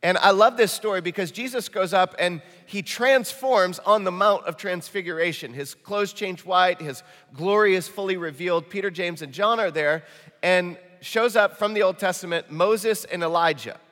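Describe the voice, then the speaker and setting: Midwestern pastor preaching in an echoing hall. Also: male voice, high voice, moderate pace. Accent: Midwestern American. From Michigan. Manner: animated, jokey storytelling preacher. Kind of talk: sermon. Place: church auditorium. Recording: reverberant church hall.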